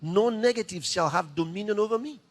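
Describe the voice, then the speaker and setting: A man preaching a dramatic, animated sermon. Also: high voice, a little fast.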